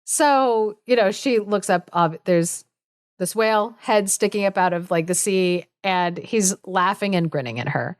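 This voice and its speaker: A woman's voice: mid-range voice, unhurried, no room sound, studio quality. A woman co-hosting a podcast who retells a fairy tale in a chatty way, full of asides and "like", laughing often. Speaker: podcast co-host. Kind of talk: casual storytelling chat.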